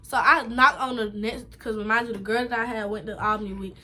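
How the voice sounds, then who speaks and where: A young woman vlogger telling a story from her own life in an animated, emphatic and slangy way. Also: a little high, a little fast. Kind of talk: story time vlog.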